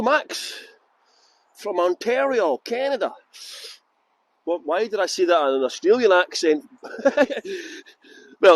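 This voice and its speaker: A man's voice: sits high, dry recording. A Scottish man guiding a live-streamed walking tour outdoors in a garden, greeting viewers by name with jokey, self-mocking banter. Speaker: tour guide.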